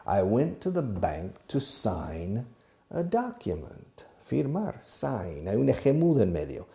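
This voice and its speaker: A man's voice: mid-range voice, wildly swooping pitch, a little slow, creaky, warm tone. Playful man teaching a filmed lesson. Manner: playful teacher, asks and answers his own questions. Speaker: English teacher. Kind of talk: on-camera English lesson. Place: classroom filmed for video. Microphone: camera operated by an assistant.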